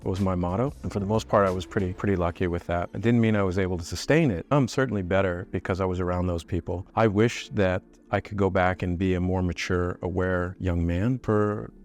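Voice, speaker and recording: Middle-aged male storyteller, deep voice, candid and self-mocking, casual confessional vlog. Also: fairly quick, few pauses, soft background music. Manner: reflective, candid, self-deprecating with mild swearing. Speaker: artist telling personal stories.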